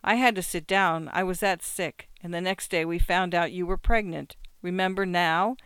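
A storyteller voicing a tormented husband in a short story, with a quiet, pleading delivery. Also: mid-range voice, fairly even intonation, normal speed, clear, resonant tone, dry recording, close to an everyday voice. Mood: pained. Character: grieving husband, tormented and haunted.

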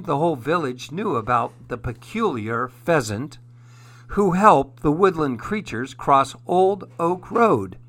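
A man narrating a children's story in a gentle, expressive way. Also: medium pitch.

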